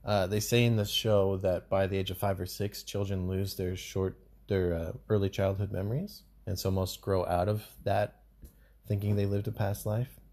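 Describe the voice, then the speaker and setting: A man co-hosts a casual podcast chat in a fairly low, mellow voice. He talks in a loose, rambling way, full of fillers. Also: little pitch movement, normal speed. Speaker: podcast co-host.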